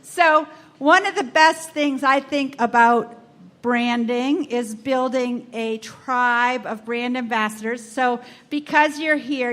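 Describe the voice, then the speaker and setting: Bubbly woman podcast host, high voice, warming up a live audience on a handheld mic. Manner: bubbly, laughs often. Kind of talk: live event speech. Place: event room with live audience. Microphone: handheld microphone.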